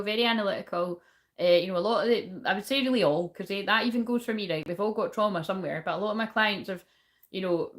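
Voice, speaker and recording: A woman's voice: mid-range voice, fairly bright tone. Rambling woman, swearing often. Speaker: spiritual reader and shaman. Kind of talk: casual spiritual reading monologue.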